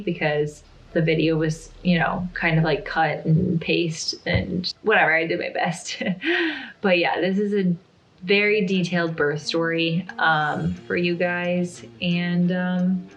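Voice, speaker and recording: A woman vlogger talking straight to camera in a relaxed, candid way, her speech peppered with "like" and "um". Her voice sits a little low for a woman, and soft music plays faintly behind her. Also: lo-fi sound. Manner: chatty, full of "like" and "um", candid. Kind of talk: casual storytelling to camera.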